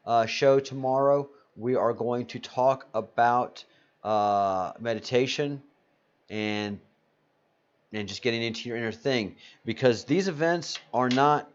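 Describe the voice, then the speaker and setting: A man hosting a casual live stream, rambling as he reads out viewers' names from the chat. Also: fairly low pitch. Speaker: livestream host. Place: Spain. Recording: slightly dull lo-fi audio.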